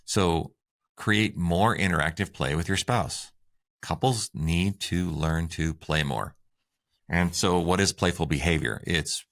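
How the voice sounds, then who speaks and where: A man's voice: low-pitched, vocal fry, fairly bright tone. A man co-hosting a relationship advice talk, walking through tips with enthusiasm. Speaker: podcast co-host.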